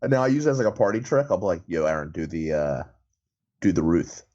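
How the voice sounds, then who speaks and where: A man's voice: low-pitched, lively intonation, fast talker, background noise. A man co-hosting a podcast in casual chat, rambling, laughing and restarting his sentences, recorded over a remote call. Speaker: podcast co-host. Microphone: remote call mic. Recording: lo-fi online call audio.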